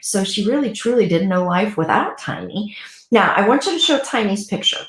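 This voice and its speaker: Animated woman in an echoey room. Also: medium pitch, normal speed. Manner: warm, animated, gushing storyteller. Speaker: pet loss guide and co-host. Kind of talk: casual talk show chat.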